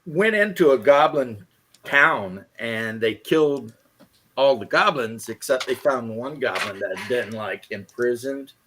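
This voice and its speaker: A man who runs tabletop games, telling a story in relaxed casual chat. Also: mid-range voice, a little slow, slight background noise. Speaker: game master.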